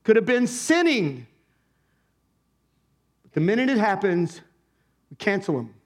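High-voiced man preaching a lively sermon. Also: measured pace. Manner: animated, asks the congregation rhetorical questions. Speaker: pastor. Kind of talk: conversational sermon. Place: church, speaking to a congregation.

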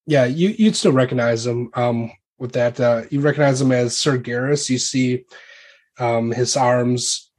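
Relaxed man running a tabletop game. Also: mid-range voice. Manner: loose, hesitant narration full of ums and likes. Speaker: game master.

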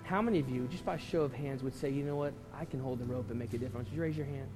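A man preaching a sermon as pastor, telling a story emotionally, swinging from loud to hushed and tearful at times. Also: medium pitch, rapid-fire. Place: church sanctuary. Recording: church hall reverb with music.

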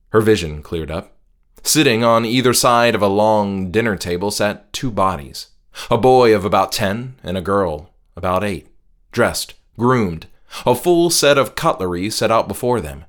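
A man narrating a horror short story in a measured, hushed delivery that trails off quietly at the ends of phrases. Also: on the low side, animated.

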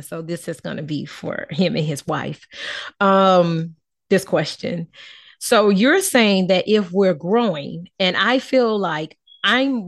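A woman's voice: lowish voice, no room sound. Playful woman podcast host, dry sound. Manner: playful, questioning, laughs often. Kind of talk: casual conversational podcast chat.

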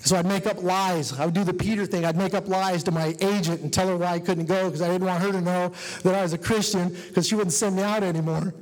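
This man's voice is high and steady, and he talks quickly with barely a pause. Standing before a church congregation, he gives a heartfelt testimony of his own story and presses the listeners to act, while the hall's long reverb rings around him.

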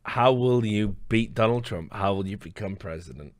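A man's voice: on the low side, normal speed, dry recording, clean studio sound. A man hosting a live stream, rambling through casual reaction commentary with lots of swearing and laughing asides.

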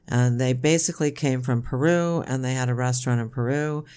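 A woman's voice: extremely low pitch, fairly even intonation, dark tone, clean tone. Rambling older woman chatting. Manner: rambling, halting, with many restarts and fillers. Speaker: podcast co-host, mother of the other host. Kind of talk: casual chat.

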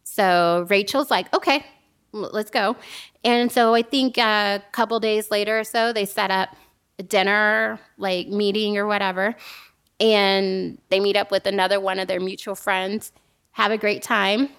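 A woman casually telling a story to a friend on a podcast, animated and laughing often. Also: medium pitch, a little slow, smooth.

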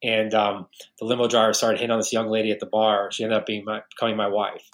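A realtor in his forties from New York appears as a podcast guest, speaking fast in a fairly low, monotone voice. In casual interview talk, he tells his stories earnestly and restarts often.

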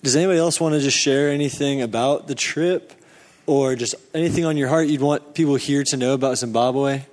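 A man's voice: mid-range voice, brisk, a little mellow. Man leading a church gathering in a hall. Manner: moderating, inviting others to share. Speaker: gathering leader.

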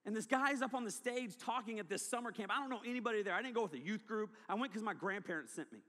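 A man preaching a testimony sermon, telling his story with animated delivery. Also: high-pitched, fast talker. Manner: animated storytelling, acting out past self. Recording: long hall reverb.

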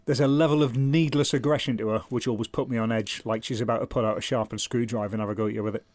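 A man's voice: mid-range voice, fairly even intonation, very fast, darkish tone, no echo. Dry sardonic man. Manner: dry, sardonic, sweary asides. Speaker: podcast co-host. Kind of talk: casual comedic chat.

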